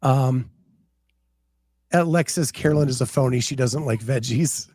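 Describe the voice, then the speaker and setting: A man hosting a casual podcast, chatting in an unhurried way and reading out names and places. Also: mid-range voice, darkish tone. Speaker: podcast host. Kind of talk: casual chat.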